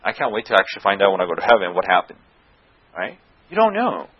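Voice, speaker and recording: A man's voice: low-pitched, wildly swooping pitch, fast talker, breathy edge, dull audio. A man preaching a sermon, telling a story with animation and often checking in with his listeners.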